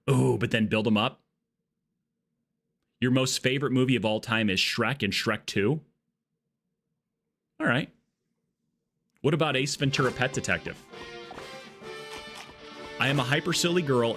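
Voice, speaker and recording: A man hosts a live gaming stream through an earbud mic, chatting casually, cracking jokes and rambling off on tangents. His voice sits at medium pitch with a fairly bright tone.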